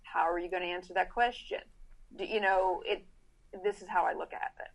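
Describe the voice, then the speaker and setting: A gravelly, fairly low-pitched voice belongs to this middle-aged horse trainer, a podcast guest. Chatting casually and with animation, she explains training and quickly acts out what riders might be thinking.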